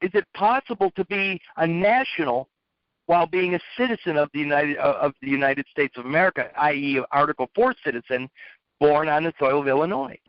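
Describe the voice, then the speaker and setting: A man with a notably high voice delivers a lecturing monologue, firing off rhetorical questions and repeating key phrases. The recording is dull and lo-fi, with a dry, close sound. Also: a little fast, clear, resonant tone, no echo. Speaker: speaker.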